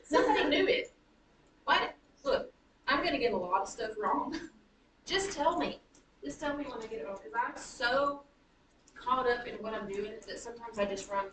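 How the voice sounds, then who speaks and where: A woman teaching a high school writing class, chatty and self-correcting as she taps out rhythms aloud. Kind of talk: classroom lecture. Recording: roomy classroom from a distance, faint noise.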